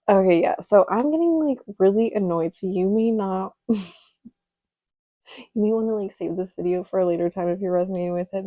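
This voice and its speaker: A woman's voice: fairly low pitch, dark tone, no room sound. A young woman doing a casual, chatty tarot reading, candid and a little exasperated, with frequent ums and laughs. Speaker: tarot reader.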